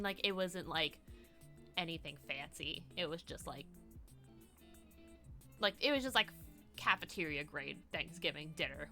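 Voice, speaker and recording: A woman's voice: on the low side, sharp tone. Young east coast woman streaming, rambly chat, says like constantly, cusses a lot. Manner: rambling, lots of "like" and swearing. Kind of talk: casual chat.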